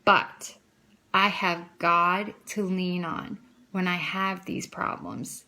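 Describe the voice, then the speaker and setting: A woman's voice: lowish voice, fairly even intonation, takes it slowly, sharp tone. A woman talking casually into the camera, telling an emotional, rambling story of her faith, often quoting herself and others. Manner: emotional, rambling, frequent "I'm like" quotes. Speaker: vlogger sharing testimony. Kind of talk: casual personal testimony.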